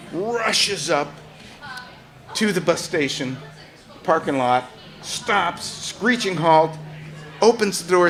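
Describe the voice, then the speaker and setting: An older man telling a true story live, animated, profane and often laughing. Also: fairly high pitch.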